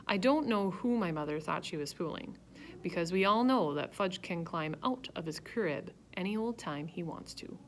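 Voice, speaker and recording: Woman, storybook narration, low pitch, animated. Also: moderate pace, slight background noise. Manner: lively first-person storytelling. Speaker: reader.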